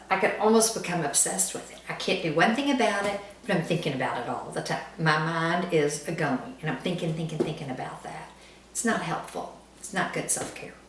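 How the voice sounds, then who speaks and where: Slow-spoken woman leading a devotional. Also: lowish voice, far from the mic, a little hiss or hum. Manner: calm, unhurried, repeats phrases meditatively. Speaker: church devotional leader. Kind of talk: reflective devotional talk. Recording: echoey room, voice off-mic.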